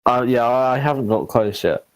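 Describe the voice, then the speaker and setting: A man's voice: mid-range voice, moderate pace, no room sound, poor audio. A man playing a tabletop game who chats in a laid-back, joking way. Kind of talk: casual tabletop game chat.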